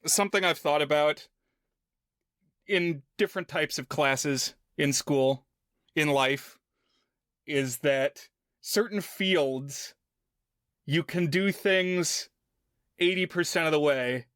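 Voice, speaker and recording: Man, podcast co-host, bright tense voice, dry close sound, casual film chat. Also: fairly high pitch, takes it slowly, long pauses, clean tone, no echo. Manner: relaxed, thinking aloud with many fillers.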